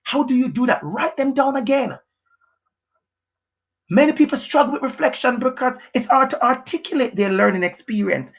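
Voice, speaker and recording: A man delivers an off-the-cuff motivational talk, repeating his points and pushing hard, at times breaking into shouts. The sound is dull and lo-fi. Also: very high voice, animated, normal speed. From Jamaica. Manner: emphatic, repetitive, pushing, sometimes shouting. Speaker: motivational educator. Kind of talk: unscripted motivational talk to camera. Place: house, indoors.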